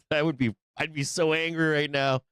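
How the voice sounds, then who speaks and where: A man's voice: on the high side, level tone, moderate pace, fairly bright tone, smooth, no echo. A man hosting a live trading stream, swearing, laughing and teasing the other side of the market in casual commentary. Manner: profane, laughing, playfully mocking.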